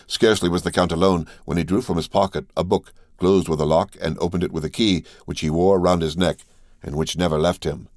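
A man narrating a classic novel as an audiobook reader, in a steady, unhurried way. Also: low voice, no room sound, clean studio sound. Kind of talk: scripted narration.

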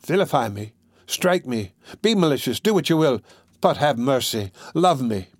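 A man's voice: medium pitch, animated, moderate pace, no room sound, clean studio sound, lightly acted. A man reading aloud, voicing an obsessed older priest who begs and pleads with passion. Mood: pleading.

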